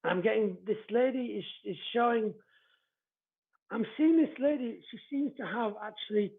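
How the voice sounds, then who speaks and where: High, gravelly Yorkshire man on a tinny line. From East Yorkshire. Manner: chatty, halting, many fillers and restarts. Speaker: medium. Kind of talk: live-streamed reading. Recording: tinny phone-like sound.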